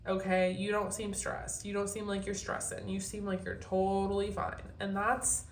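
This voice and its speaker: A woman's voice: mid-range voice, monotone, normal speed, roomy sound, slight background noise. A young woman giving a casual tarot reading to her viewers, blunt and chatty, swearing freely. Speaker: tarot reader.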